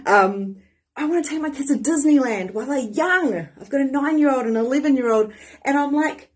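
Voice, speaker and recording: A woman with a New Zealand accent, a spiritual mentor and coach, reflecting in an animated, casual monologue and swearing freely. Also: high voice, a little fast.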